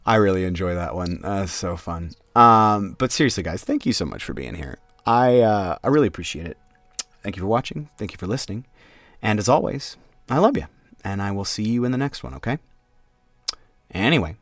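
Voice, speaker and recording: A man's voice: lowish voice, lively intonation, normal speed, pauses often, fairly bright tone, no room sound, studio quality. A man who narrates stories, chatting casually to his viewers in a rambling way, with lots of ums and casual swearing. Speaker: audiobook narrator. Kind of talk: casual outro chat to viewers.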